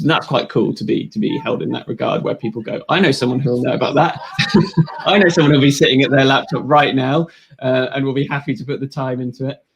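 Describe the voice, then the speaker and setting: A man's voice: mid-range voice, gravelly, a little hiss or hum, low-quality recording. A young man in casual chat about football stats, rambling a little and laughing at himself. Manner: rambling, self-deprecating, frequent restarts. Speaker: guest, runs a football stats account.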